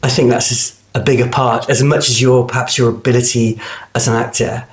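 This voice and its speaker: Speaking a bit fast with a flat delivery, this middle-aged actor is a talkative interview guest who restarts often. His voice is mid-range, and he brings his anecdotes to life by performing the lines he quotes.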